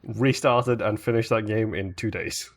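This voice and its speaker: A man's voice: lowish voice, measured pace, slight background noise. Playful man. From northern England. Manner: teasing, playful, animated storytelling. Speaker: podcast co-host. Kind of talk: casual gaming podcast chat.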